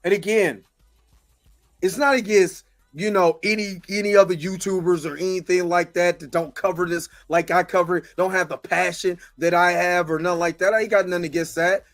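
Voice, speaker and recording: Faint music sits behind this US man's livestream as he talks a little fast, his high-pitched voice fairly even in intonation. He vents in frustration, repeats himself and thanks viewers individually by name.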